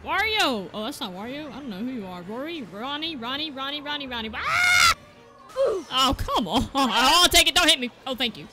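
A young woman giving excited gameplay commentary. She yelps, swears and laughs at herself as she plays. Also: high-pitched, moderate pace, over loud music. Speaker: gaming video creator.

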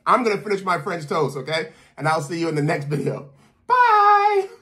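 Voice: medium pitch, fast, noisy background. A host of a children's channel giving a cheerful cooking demo for kids, talking upbeat and calling the young viewers kiddos.

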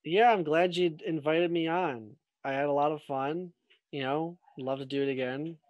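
A man's voice: on the high side, moderate pace, no echo, lo-fi sound. Young man with a raised, dry voice. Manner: rambling, swears freely, many "you know"s. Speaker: podcast guest, filmmaker. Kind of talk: casual chat.

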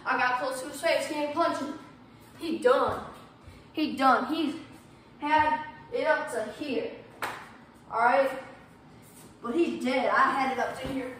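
A woman's voice: high-pitched, fairly even intonation, measured pace, pauses often, fairly bright tone, heavy reverb, far from the mic, slight background noise. A woman gaming vlogger playing a fighting game and trash-talking her opponent with playful tough-guy bravado.

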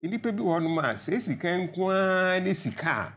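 A man's voice: high-pitched, big pitch swings, moderate pace, fairly bright tone. An older man with a Ghanaian accent, a pensioner guest in a studio panel debate, arguing earnestly and rising to emphatic appeals.

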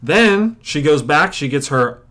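A chiropractor teaching a workshop method, telling patient stories and acting out what patients and audience members say. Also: male voice, fairly high pitch, animated, unhurried, pushed and bright. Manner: storytelling, acts out patients and audience. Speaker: chiropractor and coach. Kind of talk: teaching a seminar.

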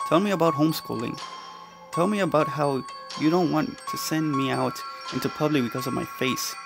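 A man voicing a cold, emotionless teenage boy killer who speaks low and almost growling, with music underneath. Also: creaky.

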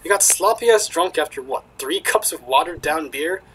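A man reading the lines of a bitter, sardonic young adult female crocodile from a game, in a flat, cutting, quiet delivery. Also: fairly high pitch, moderate pace, husky, poor audio. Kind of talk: reading game dialogue aloud.

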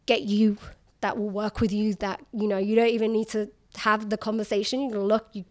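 A woman journalist in her thirties, telling candid stories in a lively way, laughing often and acting out the people she quotes. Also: medium pitch, a little fast. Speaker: journalist guest. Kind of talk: candid conversational storytelling.

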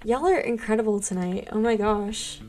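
A woman's voice: medium pitch, normal speed, a little mellow, faint music behind. A young woman streaming a game, chatting casually and gushing thanks to her viewers. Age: young adult. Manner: bubbly, gushing thanks to chat. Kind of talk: casual live-stream chat while gaming.

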